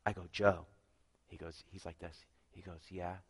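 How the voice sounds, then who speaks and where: A man preaching a sermon, telling his own story with lively acted-out dialogue and frequent drops to a hushed voice. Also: low-pitched, a little fast, husky, poor audio. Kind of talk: sermon with personal testimony.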